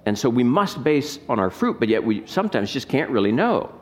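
A man's voice: mid-range voice, very animated, brisk. A man, a pastor, preaching a sermon with emphatic rhetorical questions and scripture reading.

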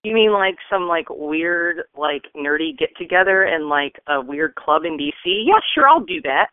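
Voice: mid-range voice, lively intonation, normal speed, smooth, no echo. A guest calling in to a podcast in casual chat, eager and friendly. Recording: tinny phone line.

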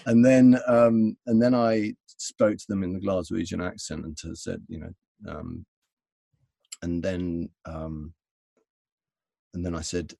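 A middle-aged man telling an anecdote in conversation, animated, with restarts and laughs. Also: low-pitched, a little slow, creaky, long pauses, no echo. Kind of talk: conversational storytelling.

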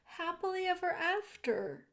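A woman doing a soft, wondering little mouse. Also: very high voice, very animated, measured pace, voice pushed up, exaggerated voice. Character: small, dreamy, romantic young male mouse.

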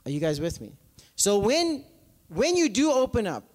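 Animated high-voiced male pastor in a reverberant hall. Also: normal speed. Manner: animated, asks congregation often, many fillers. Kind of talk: conversational sermon with stories.

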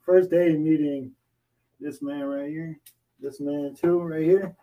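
A man's voice: fairly high pitch, fairly even intonation, takes it slowly, highs cut off. A man speaking briefly and upbeat as a podcast guest. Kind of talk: casual podcast talk.

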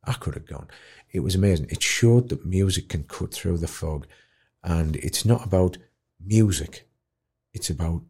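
A man telling a moving story in an interview, acting out other people's voices and dropping to a hush at tender moments. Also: sits low, husky. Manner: animated storyteller, acts out voices, drops to quiet. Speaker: guest, dementia campaigner. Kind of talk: storytelling in conversation.

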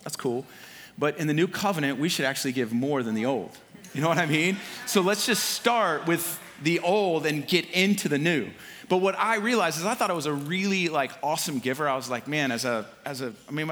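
A man preaching a sermon in a relaxed, conversational way, with slang and filler words. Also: a little high, brisk. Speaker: pastor. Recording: long hall reverb.

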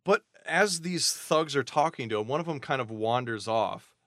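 A man's voice: medium pitch, lively intonation, a bit bright, dry recording, clean studio sound. Chatty man recapping a book. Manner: chatty retelling with quick voiced asides. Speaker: podcast co-host recapping a novel. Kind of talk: casual chat.

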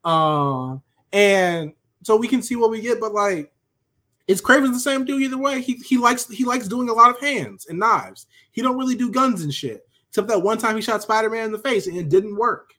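A man with a fairly high voice talking in a loose, rambling way on a casual podcast. He starts and restarts his thoughts in an easy, relaxed manner. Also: normal speed. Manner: rambling, many fillers and restarts, laid-back. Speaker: podcast co-host.

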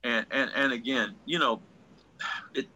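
A man, a ventriloquist guest, telling anecdotes in a casual, animated way, often restarting his sentences. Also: mid-range voice, a little slow, poor audio. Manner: animated storyteller, restarts often, acts out quotes.

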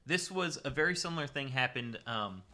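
A man's voice: medium pitch, expressive, fairly quick, sharp tone. A young man co-hosting a casual chat, rambling with many restarts. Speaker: podcast co-host.

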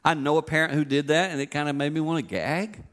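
A man in his fifties preaching a sermon in a chatty, joking way. His voice sits a little high, and he tells stories to make his points. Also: fairly even intonation, quick pace, a bit bright. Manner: conversational, joking storyteller. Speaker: pastor.

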